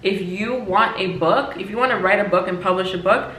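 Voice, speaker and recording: Young woman, chatty vlogger, bright voice, emphatic and repetitive, echoey room. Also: mid-range voice, brisk. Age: 20s. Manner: chatty, emphatic, repeats herself. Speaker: lifestyle vlogger. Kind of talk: casual advice vlog.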